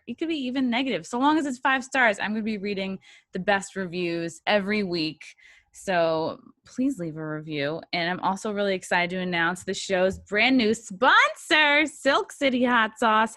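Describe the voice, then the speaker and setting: A woman's voice: mid-range voice, a bit bright, no echo, clean studio sound. A woman hosting a podcast, reading sponsor spots and chatting in an upbeat, jokey way. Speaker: podcast host. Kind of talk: casual podcast chat with ad reads.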